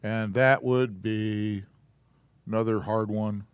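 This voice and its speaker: A man teaching a Hebrew alphabet class in a church classroom, explaining slowly and casually. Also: fairly low pitch, fairly even intonation, smooth, no echo.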